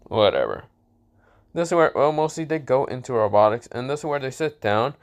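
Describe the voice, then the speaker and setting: A man's voice: mid-range voice, fast. A man casually narrating a fan story, rambling with many fillers and casual swearing.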